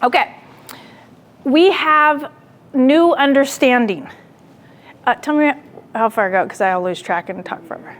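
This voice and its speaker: A woman gives a lecture with a voice a little higher than most. She tells a personal story with animation, acting out what she said herself. She turns to the listeners with direct questions. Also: a little slow, long pauses. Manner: animated storytelling, acting out her own quoted lines; asks the audience direct questions.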